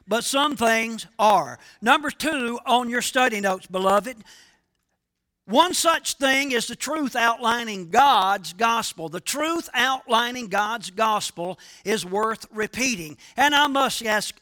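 A man's voice: very high-pitched, expressive, takes it slowly, pushed and bright. A male pastor preaching a sermon, speaking emphatically and asking his congregation questions.

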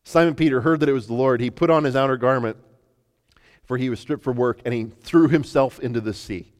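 A male preacher delivers a sermon in a lively storytelling manner. He often trips over his openings and repeats a word before he goes on. His mid-pitched voice rings with the long reverb of a large hall. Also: a little fast. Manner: animated storytelling with frequent stammered restarts.

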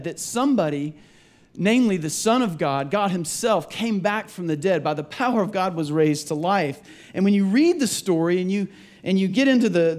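A man with a notably high voice preaches a relaxed, off-the-cuff Easter sermon to a church congregation. He talks the way people chat, stumbling over words and starting his sentences again. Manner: casual and rambling, with frequent restarts and repeated words. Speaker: pastor. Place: church sanctuary.

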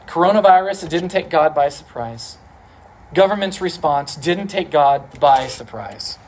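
A preacher delivering a sermon in an animated, conversational way, repeating phrases for emphasis. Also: mid-range voice, a little slow, a little hiss or hum.

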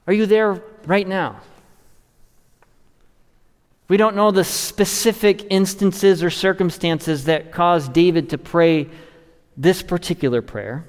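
A man preaching an expository sermon, earnest, pushing up to stress key words and sinking low at the end of each thought. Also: measured pace, in a large hall. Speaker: pastor.

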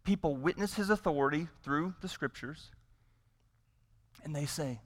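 A man delivers a sermon with a fairly high voice, pressing his points through repetition and rhetorical questions. His words ring out with a long reverb in a church sanctuary. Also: measured pace, pauses often. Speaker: pastor.

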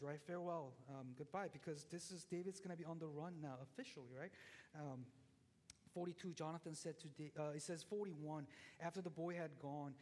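A man in his forties delivers a relaxed sermon in a fairly high voice. He tells the story with animation, full of fillers and quick restarts. A long reverb hangs behind him. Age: 40s. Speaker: pastor. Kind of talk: conversational sermon.

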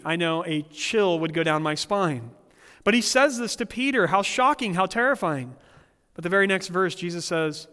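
A man's voice: high-pitched, lively intonation, moderate pace, sharp tone, clean tone, big-room sound. A man pastor preaching a sermon, earnest, with humorous personal stories.

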